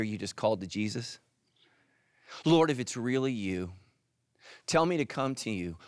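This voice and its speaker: A middle-aged man, a pastor, preaching a sermon with animated swings from loud emphasis to hushed, intimate lines. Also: mid-range voice, dry recording, clean studio sound.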